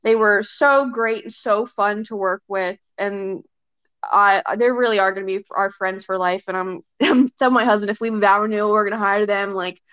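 A woman's voice: medium pitch, fairly even intonation, moderate pace, fairly bright tone, clean tone, no echo. Chatty young woman, dry dull recording. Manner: chatty, filler-heavy, often acts out quotes. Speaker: podcast guest. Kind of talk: casual chat. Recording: dry, slightly dull sound.

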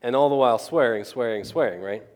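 A man's voice: mid-range voice, fast talker, a little mellow. A man telling a personal story as a sermon, chatting with the crowd and checking in with "right?" after nearly every point. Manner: conversational, keeps asking the crowd "right?". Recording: long hall reverb.

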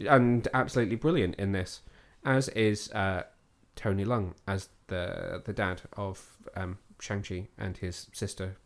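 A man with a fairly low voice hosts a relaxed film review chat. He rambles, restarts his sentences and keeps asking his co-host questions. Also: unhurried, few pauses. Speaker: podcast host.

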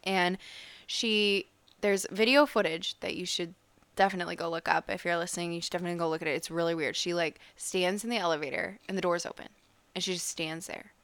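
A woman's voice: lowish voice, fairly even intonation, a little fast, fairly bright tone, clear, resonant tone, dry recording. A young woman co-hosting a podcast, casually telling a mystery story with frequent laughs and rambling fillers. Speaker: podcast co-host.

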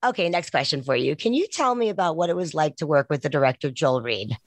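A woman's voice: low-pitched, expressive, fast. A woman hosting a podcast interview, asking short plain questions. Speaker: podcast host. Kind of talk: casual interview.

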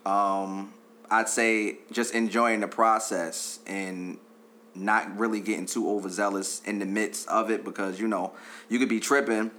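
A man, a guest on a podcast, talking in a relaxed, slangy way. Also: fairly low pitch, unhurried. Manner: laid-back, slangy, with "you know what I'm saying". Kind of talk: casual podcast chat.

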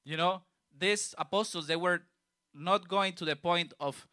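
A man preaching with a bright, clear, ringing tone that sits a little higher than most men's. He reads scripture aloud and then unpacks it in easy, everyday language, as if he were talking with a youth group. The sound is dry and close, with no room echo. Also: a little slow. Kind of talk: sermon.

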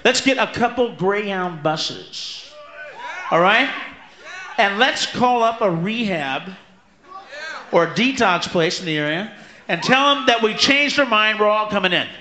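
A man's voice: high voice, lively intonation, unhurried. Ranting, screaming stand-up man, live crowd. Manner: loud ranting, bursts into screaming shouts; profane, mocking voices of others. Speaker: stand-up comedian. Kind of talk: stand-up comedy set. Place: large live venue with audience. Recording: roomy live concert recording with crowd noise.

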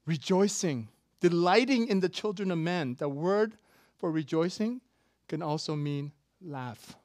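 A preacher giving an animated, playful sermon with sudden shouts and laughter, recorded close and dry. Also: medium pitch, measured pace, no echo.

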